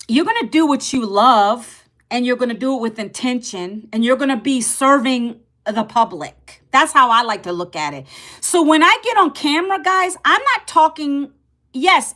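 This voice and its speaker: A woman in her fifties talking casually to camera as an online business coach, chatty, repeating herself and calling viewers "guys". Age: 50s. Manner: lively, pitch jumps up and drops low.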